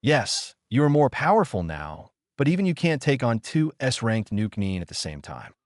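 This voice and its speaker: A man's voice: mid-range voice, sing-song, normal speed, no room sound, studio quality, voice pushed up, close to an everyday voice. A man voicing a serious teenage boy ninja who lectures bluntly, in a storybook reading. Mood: stern.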